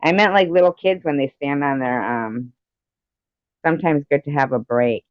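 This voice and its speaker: A woman's voice: deep voice, normal speed, dry recording. A woman chatting casually on her live stream, teasing, laughing often and swearing freely. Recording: dull, dry lo-fi stream audio.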